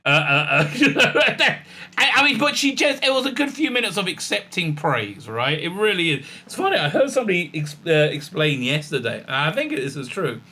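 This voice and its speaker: A man's voice: fairly high pitch, sing-song, brisk, pushed and bright, breathy edge. A man hosting a sarcastic, rambling commentary show, full of fillers and mocking put-on voices. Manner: sarcastic, mocking, often puts on silly gushing voices; many fillers and restarts, reads out article passages. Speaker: commentary channel host. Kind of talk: casual ranting commentary.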